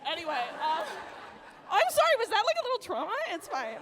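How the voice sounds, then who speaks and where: A woman's voice: extremely high pitch, huge pitch swings, moderate pace, crowd noise. A woman doing a stand-up comedy set on a comedy club stage, brash and profane, laughing at her own jokes.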